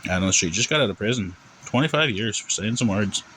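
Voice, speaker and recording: A man with a fairly low voice tells a long joke in a casual, rambling way. He talks conversationally, with faint background hum. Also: expressive, quick pace, bright, forceful tone, low-quality recording. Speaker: joke teller.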